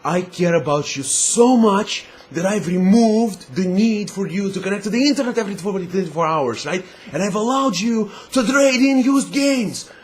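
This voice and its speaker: A man's voice: high voice, slow, a bit bright. A man putting on the voice of an insincere male corporate spokesman who gushes with fake affection. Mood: fawning. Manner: syrupy, mock-sincere.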